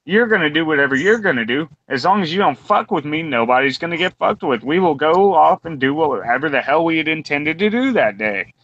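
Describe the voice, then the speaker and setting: A man's voice: fairly high pitch, lively intonation, fairly quick, hardly any pauses, fairly bright tone, no room sound. A man in his twenties ranting bluntly and profanely in a casual round-table talk. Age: 20s. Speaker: podcast co-host. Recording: dull lo-fi recording.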